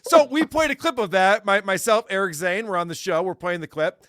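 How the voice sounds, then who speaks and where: A man's voice: sits high, a little fast, fairly bright tone, no room sound. Sarcastic podcast guy ranting and cursing, dry close mic, no room sound. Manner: ranting, sarcastic, swears a lot. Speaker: podcast co-host. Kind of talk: casual comedy podcast chat.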